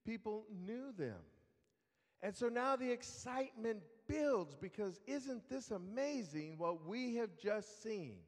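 A man's voice: high-pitched, lively intonation, slow pace. A man preaching a sermon, telling a story in a conversational way. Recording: long reverb of a hall.

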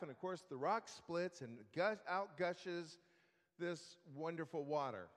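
Slow-speaking, high-voiced man teaching Bible. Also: big-room sound. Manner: slow, conversational, with fillers and restarts. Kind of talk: Bible study lecture.

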